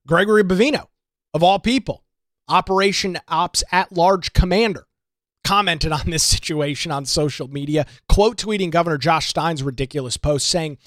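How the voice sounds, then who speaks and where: A man's voice: a little high, moderate pace, a bit bright, no echo, clean studio sound. A man hosting a political talk show, delivering an emphatic, indignant monologue with lots of rhetorical repetition. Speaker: radio talk show host.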